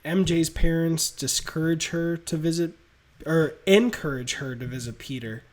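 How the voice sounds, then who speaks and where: A male podcast host walking through a movie pitch in animated storytelling, chuckling between beats. His voice sits a bit high for a man. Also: normal speed. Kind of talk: casual movie pitch narration.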